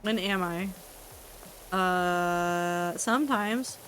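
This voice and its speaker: A woman's voice: on the low side, extremely slow, a bit bright, a little hiss or hum, low-quality recording. A woman streaming a game, chatting casually with her chat in a wry, talkative way and swearing now and then. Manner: chatty, wry, reacting to chat with asides and profanity.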